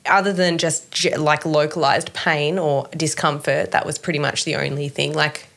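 A woman, telling her story in an interview, animated and laughing often as she acts out what people said. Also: deep voice, moderate pace, vocal fry. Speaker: interview guest. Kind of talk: candid conversational storytelling.

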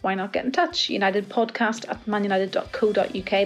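A woman's voice: medium pitch, fairly even intonation, a little fast, few pauses, faint music behind. A woman co-hosting a football podcast, chatting casually and reading listener emails aloud. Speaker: podcast co-host.

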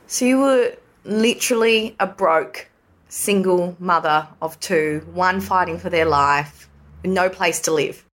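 A woman's voice: on the low side, takes it slowly, a bit bright. A woman hosting a podcast, asking empathetic, probing questions. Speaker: podcast host. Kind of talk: interview questions.

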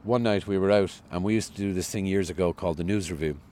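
Low-voiced Cork Irish newsreader chatting. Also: male voice, quick pace, darkish tone, slight background noise. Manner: chatty, self-deprecating, storytelling. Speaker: radio newsreader, guest. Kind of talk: casual interview chat.

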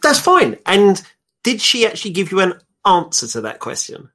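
A man with a slightly raised pitch jokes with the host in a wry, teasing way. He is on a casual podcast over a video call. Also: wildly swooping pitch, moderate pace, pushed and bright. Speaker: podcast guest. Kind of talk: casual banter.

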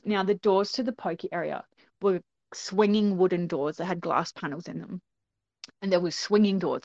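A woman's voice: fairly low pitch, dry recording. A woman, a guest, tells a story in a casual, conversational way with many fillers, acting out the quotes. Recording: dull lo-fi recording.

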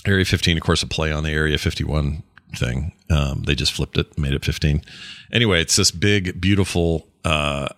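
A man's voice: extremely low pitch, moderate pace, a bit bright, dry recording, studio quality. A man from Utah co-hosting a podcast, chatting in a rambling, joking, self-deprecating way. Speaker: podcast co-host. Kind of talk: casual chat.

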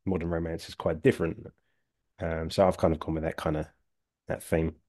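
A man's voice: a bass voice, little pitch movement, fairly quick, dark tone. A man co-hosting a casual podcast chat, full of crude banter and fillers. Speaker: podcast co-host.

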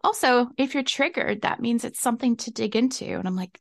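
This young podcaster talks on her own in a high, gravelly, animated voice at normal speed with few pauses, staying candid and reflective and often laughing at herself. It's studio quality with no room sound.

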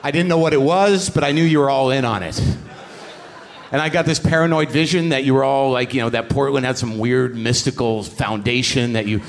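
Profane, animated man telling a story onstage. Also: medium pitch, brisk. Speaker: podcast host and comedian. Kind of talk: live stand-up storytelling. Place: on stage at a live comedy show.

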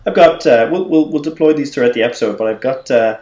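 A man's voice: medium pitch, fast talker, darkish tone. A man hosting a podcast, chatting casually in a hesitant, amused way with many restarts. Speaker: podcast host. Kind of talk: casual chat. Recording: roomy echo.

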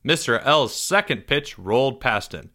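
A man narrates a children's story aloud with expressive delivery. He lowers his voice for suspense. His tone is bright and forward. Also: a little slow. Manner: expressive, drops softer for suspense.

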